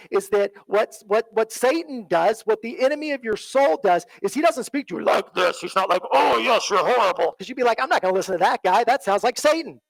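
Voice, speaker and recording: High-voiced earnest male preacher, dry sound. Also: creaky, dry recording, low-quality recording. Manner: earnest, repeats phrases, asks "right?" often. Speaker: pastor. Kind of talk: sermon. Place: church.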